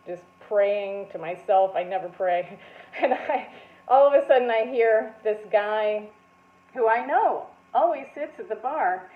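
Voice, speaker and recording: Woman storyteller, animated and laughing, unhurried delivery; phone-quality audio in a roomy space. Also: mid-range voice. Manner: animated, breaks into frequent laughter. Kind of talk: personal storytelling. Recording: tinny phone-like sound in an echoey room.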